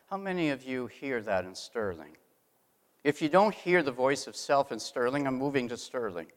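A middle-aged man preaching a sermon, asking the congregation rhetorical questions and swinging from loud emphasis to hushed asides. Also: on the high side, lively intonation, normal speed, clean tone.

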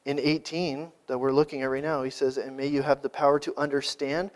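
A man's voice: medium pitch, little pitch movement, fairly quick. A man preaching a sermon, asking rhetorical questions and building to emphatic peaks. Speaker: pastor.

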